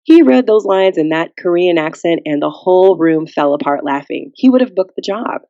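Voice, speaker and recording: Animated woman telling a story, lo-fi. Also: fairly low pitch, moderate pace, no room sound. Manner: animated storyteller who acts out quotes. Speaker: podcast guest, author. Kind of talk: casual storytelling chat.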